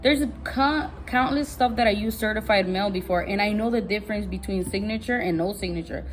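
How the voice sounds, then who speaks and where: A woman in her thirties telling a casual story in an animated, heated way, often repeating "I was like". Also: mid-range voice, fairly quick, slight background noise. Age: 30s. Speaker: vlogger.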